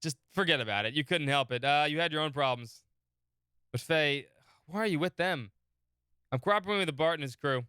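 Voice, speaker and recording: A trusting young hero who speaks earnestly and reassuringly, read by a man in his own voice. The tone is bright and crisp, with a dry close-up sound. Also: a little high, a little fast, long pauses, dry recording. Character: kind-hearted young male hero, trusting.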